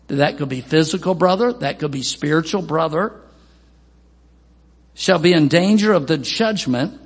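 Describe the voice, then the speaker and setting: A pastor with a gravelly, slightly husky voice preaches with strong emphasis and lifts his pitch when he quotes people. His voice sits a little high for a man and rings with long reverb through a church hall. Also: animated, moderate pace. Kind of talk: sermon.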